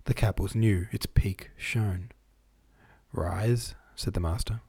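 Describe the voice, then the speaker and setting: Husky-voiced man reading a novel aloud. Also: fairly low pitch. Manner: steady, measured reading that stops to explain footnotes. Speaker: audiobook reader.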